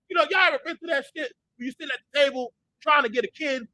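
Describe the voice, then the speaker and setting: A man hosting a heated, profane commentary rant who repeats himself for emphasis and breaks into shouts when worked up. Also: extremely high pitch, fast talker, few pauses, no room sound, low-quality recording. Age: adult parent. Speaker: host.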